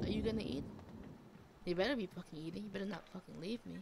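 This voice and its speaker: A woman's voice: medium pitch, lively intonation, fast, vocal fry. A young woman giving casual gameplay commentary, swearing freely and playfully scolding the characters on screen. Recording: loud background noise.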